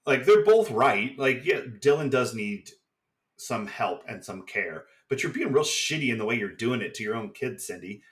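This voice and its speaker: A man co-hosting a podcast, casually recapping a TV episode with swearing and quick mock voices of the characters. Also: medium pitch, sing-song, a bit bright. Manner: swearing, chatty, acts out quick impressions. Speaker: podcast co-host.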